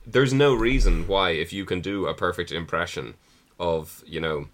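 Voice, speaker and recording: Brief: low-voiced male co-host, measured, hedging, thinks out loud. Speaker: podcast co-host. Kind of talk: casual chat about comedy.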